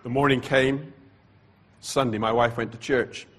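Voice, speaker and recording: A man giving a dramatic personal testimony as a preacher, slow and deliberate with pauses, and coughing now and then. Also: medium pitch, fairly even intonation, fairly bright tone, slightly rough. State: coughing repeatedly.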